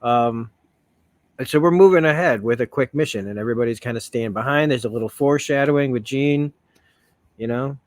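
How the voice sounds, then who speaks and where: A man's voice: medium pitch, a little fast, no echo. A man chatting through a comic book review in a rambling, casual way. He corrects himself often and laughs easily. The recording is dry and close.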